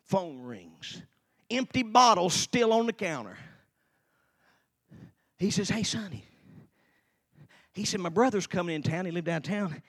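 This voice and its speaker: A man in his forties preaching with a fairly high, bright voice. He moves between soft, quick storytelling and slow, shouted passages full of fervor. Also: animated. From Tennessee. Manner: shouts and slows down in the fervent parts, quiet and fast in the storytelling. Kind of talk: sermon.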